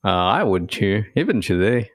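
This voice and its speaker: A man's voice: lowish voice, sing-song, normal speed, dry recording, studio quality. A man co-hosting a podcast in casual chat, talking loosely with swearing and frequent restarts. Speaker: podcast co-host.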